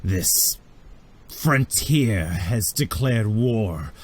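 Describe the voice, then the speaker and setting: A man voicing a ruthless, cold male alien admiral in a tabletop game, speaking slowly and menacingly. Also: on the low side, lively intonation, darkish tone, slight background noise. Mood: furious. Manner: slow, cold and menacing, bursting into rage.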